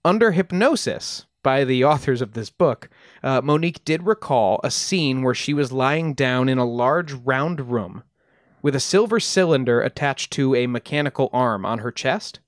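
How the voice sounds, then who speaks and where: A man's voice: medium pitch, lively intonation, moderate pace, no room sound, studio quality. A man on a podcast casually retelling a story he has researched, with frequent ums and restarts. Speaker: podcast host presenting research.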